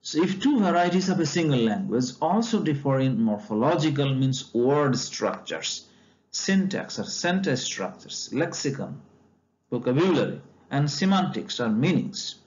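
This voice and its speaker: A man explaining a textbook chapter like a lecture, speaking deliberately with frequent pauses, fillers and restarts. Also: medium pitch, expressive, darkish tone, dull audio.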